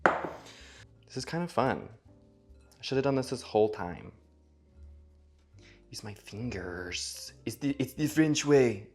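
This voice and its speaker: A man's voice: mid-range voice, lively intonation, slow pace, long pauses. A man hosting a comedic cooking vlog in his home kitchen, sarcastic and profane, with theatrical asides. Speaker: cooking vlogger. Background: faint music.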